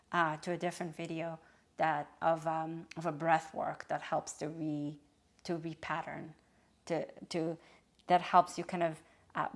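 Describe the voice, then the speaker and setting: A woman hosting a reflective self-help video, talking gently and openly about her feelings, often pausing and restarting to search for words. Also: fairly low pitch. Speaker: wellness video host.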